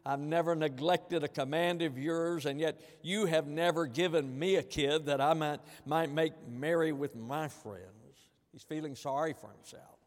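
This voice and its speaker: Mann predigt in hallender Kirche. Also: male voice, fairly high pitch, a little slow. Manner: acts out the angry elder brother in plain voice, from soft asides to loud. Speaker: pastor. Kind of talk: sermon. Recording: long hall reverb.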